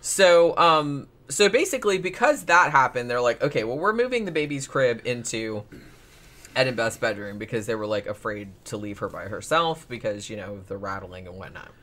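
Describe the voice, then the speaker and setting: A man's voice: medium pitch, lively intonation, moderate pace, sharp tone. Male podcast co-host, casual and profane, rambling storyteller with a mid-range voice. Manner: rambling, profane, laughs often. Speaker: podcast co-host recapping a case. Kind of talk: casual chat.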